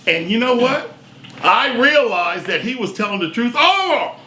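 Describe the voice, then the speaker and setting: Middle-aged man, folksy exuberant co-host, high bright voice, echoey room. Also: lively intonation, normal speed, slight background noise. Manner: folksy and exuberant, with frequent "man" and "I'm telling you". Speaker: co-host and sports super fan. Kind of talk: casual talk show banter.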